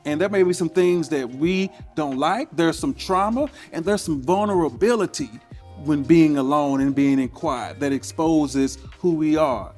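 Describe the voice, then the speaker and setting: Earnest higher-voiced man, measured talk. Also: a little mellow, faint music behind. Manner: earnest, measured, often ends points with "right?". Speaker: podcast guest. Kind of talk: reflective interview talk.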